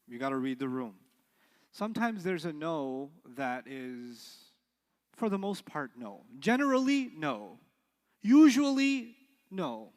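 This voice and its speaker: A middle-aged man teaching an Arabic class, telling animated stories, acting out quoted voices and quizzing his students. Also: on the high side, big-room sound. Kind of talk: lecture with storytelling.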